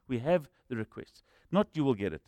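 Animated man preaching a sermon. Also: medium pitch, brisk, no echo. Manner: animated and rhetorical, with humorous asides. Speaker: pastor.

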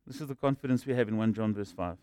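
A pastor preaching a sermon in an animated, rhetorical way, with humorous asides. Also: male voice, lowish voice, fast talker, clean tone, dry recording, clean studio sound.

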